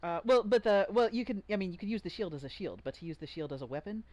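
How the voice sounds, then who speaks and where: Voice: medium pitch, lively intonation, quick pace, darkish tone. A game master running a tabletop game, explaining rules in a chatty, joking way with lots of fillers and restarts.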